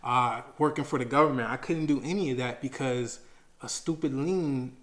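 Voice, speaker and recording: A young man from Maryland tells his own story in loose, slangy speech. He acts out his past arguments, jumping up in pitch and loudness when he gets worked up. At the heavy parts he drops low and quiet. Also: moderate pace. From Maryland, USA. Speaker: storyteller sharing a personal finance story. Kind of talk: casual storytelling.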